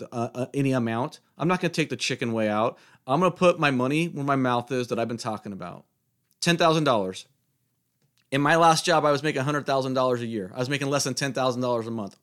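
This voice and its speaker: A man's voice: mid-range voice, fairly bright tone. A middle-aged man hosting a solo podcast, taunting and challenging his listeners in a combative monologue. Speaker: podcast host.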